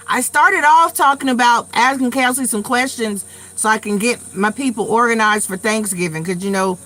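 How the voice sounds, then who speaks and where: In a slightly high, bright, forceful voice, a middle-aged New Yorker chats loosely on her live tarot stream. She's a talkative storyteller who's blunt and profane and tends to say things more than once.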